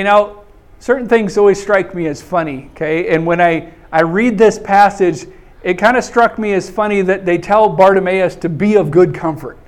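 An animated male preacher with a high-pitched voice delivers a folksy sermon. He leans on "okay" and acts out scenes in a raised voice. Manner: folksy, repeats "okay" often. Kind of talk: sermon with Bible reading.

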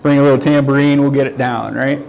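A man's voice: medium pitch, steady tone, fast talker, gravelly, a little mellow, rough recording. A middle-aged man preaching a conversational sermon, checking in with "okay" and "right?" as he explains. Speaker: pastor.

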